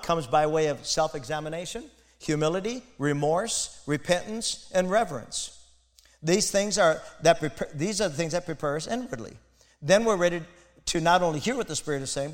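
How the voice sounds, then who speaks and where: A man's voice: on the high side, moderate pace. Impassioned male preacher in a reverberant hall. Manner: impassioned, builds to loud emphatic peaks, asides to congregation. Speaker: pastor. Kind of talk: sermon.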